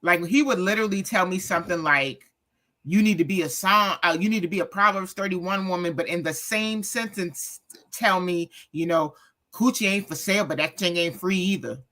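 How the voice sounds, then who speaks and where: Bright, animated woman telling stories. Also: fairly low pitch, moderate pace. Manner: animated storyteller, acts out quotes. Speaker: author guest. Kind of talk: casual storytelling chat.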